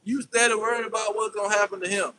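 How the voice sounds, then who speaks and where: A man with a notably high voice delivers a fiery scripture teaching. He drags out the verses he reads, then hammers his points with short, repeated commands, and a faint noise sits underneath. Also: fairly even intonation, bright, forceful tone, low-quality recording. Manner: emphatic, repetitive commands, slows down for verses. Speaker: preacher.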